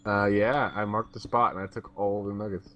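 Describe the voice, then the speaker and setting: A man's voice: on the low side, fairly even intonation, moderate pace, fairly bright tone. A man chatting casually while gaming, playful, often laughing and tripping over his words. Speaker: gamer.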